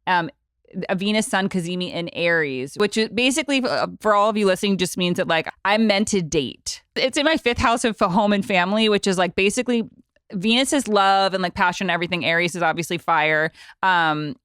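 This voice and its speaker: A woman's voice: mid-range voice, a little fast, fairly bright tone, clean tone, dry recording, clean studio sound. A woman hosting a podcast in casual chat, talking loosely and filling her speech with "like". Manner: chatty, fills talk with "like". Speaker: podcast host.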